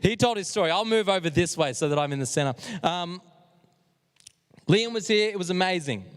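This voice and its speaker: Man, youth leader, casual and energetic, hall reverb. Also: high-pitched, fairly quick, smooth. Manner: energetic, chatty, self-deprecating. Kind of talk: live youth service talk. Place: church hall, live stream.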